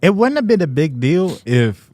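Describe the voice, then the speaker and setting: A man co-hosting a podcast, chatting in a relaxed, laughing way. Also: fairly high pitch, normal speed, dry recording. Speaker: podcast co-host. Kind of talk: casual chat.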